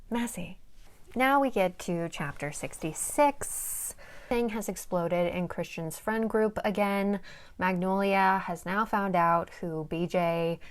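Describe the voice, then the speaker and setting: A woman's voice: lowish voice, smooth. A young woman casually recapping a novel's plot, chatty and dramatic, swearing and making asides, sometimes reading passages aloud. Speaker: book summary vlogger.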